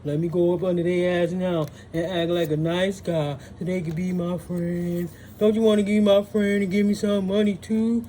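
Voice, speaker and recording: A woman putting on a lower, wheedling voice for a scheming two-faced man after money. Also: little pitch movement, normal speed, hardly any pauses, warm tone, a little hiss or hum, lightly acted. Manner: mock-sweet, wheedling.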